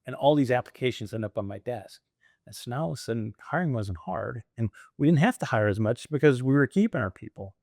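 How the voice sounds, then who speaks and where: Middle-aged male guest, lively storyteller, dry close podcast sound. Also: mid-range voice, fast talker, vocal fry, no room sound. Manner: animated, acts out quoted dialogue. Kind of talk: storytelling interview.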